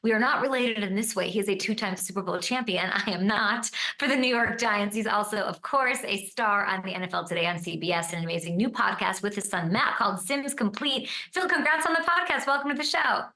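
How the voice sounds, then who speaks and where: A woman hosting a sports talk show, bubbly and quick in banter with her guest. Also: mid-range voice, pushed and bright, echoey room.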